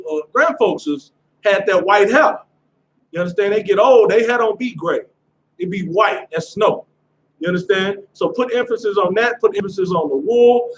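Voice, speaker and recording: A man's voice: sits high, a little hiss or hum, poor audio. A man teaching a scripture class in a casual lecturing manner, often checking "you understand?".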